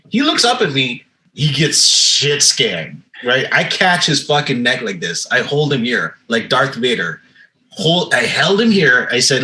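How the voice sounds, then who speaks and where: A Canadian podcast host with a mid-range voice tells a bar story during casual podcast chat, and the audio is poor. He's animated and profane, acting out what people said.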